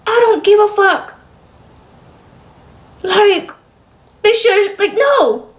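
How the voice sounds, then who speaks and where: A young adult woman streaming live, venting casually to her chat in an exasperated, profane way that swings between loud disbelief and weary muttering. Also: very high voice, extremely slow.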